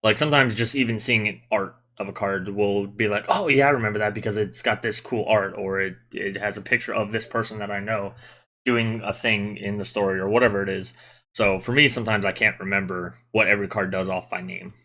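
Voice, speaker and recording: A man with a low-pitched but bright, forceful voice runs a loose gaming podcast. He talks at length, laying out rules and ribbing his co-hosts. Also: steady tone, fairly quick. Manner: chatty, explains rules at length, teasing. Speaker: podcast host. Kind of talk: casual gaming podcast chat.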